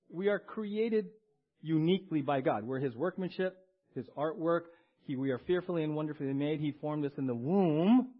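A man's voice: a little high, a little fast. A male pastor preaching a conversational sermon, often checking in with the congregation and having them respond. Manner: conversational, tags lines with "right?" and has the congregation respond. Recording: dull lo-fi recording.

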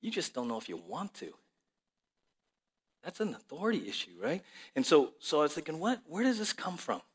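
A male pastor preaching a sermon with animated storytelling and frequent rhetorical questions to his listeners. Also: a little high.

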